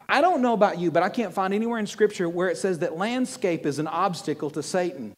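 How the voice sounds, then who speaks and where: A man preaches to a congregation with an animated, joking delivery, often stumbling over and repeating words. His voice sits high for a man. The sound carries a long reverb from the hall. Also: quick pace, hardly any pauses. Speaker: pastor. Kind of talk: sermon. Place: church hall with audience.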